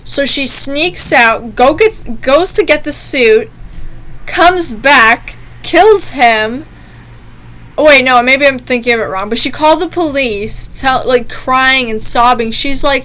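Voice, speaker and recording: A woman's voice: high voice, slow pace, a bit bright. A young woman reading short scary stories and chatting between them in a rambling, easily spooked way. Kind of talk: casual reaction commentary.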